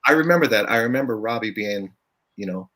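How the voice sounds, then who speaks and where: Deep, bright-voiced older man chatting. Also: expressive, fast talker. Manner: chatty, storytelling, laughs often. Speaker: guest musician. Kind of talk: casual podcast chat.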